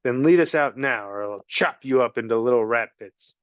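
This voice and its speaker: A man doing a high, whiny serving girl. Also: normal speed, smooth, no room sound, lo-fi sound, lightly acted. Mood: defiant. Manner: high-pitched, whiny, uneducated speech. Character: rough, uneducated young serving girl, stubborn. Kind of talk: storybook reading.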